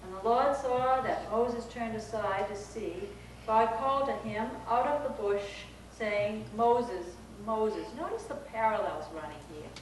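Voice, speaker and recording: A woman preaches a lively, playful sermon from a church pulpit, acting out the voices she quotes. Her voice sits a little high and is picked up from a distance. The sound rings through a very echoey hall over a steady hiss. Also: a little slow. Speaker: minister. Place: church sanctuary.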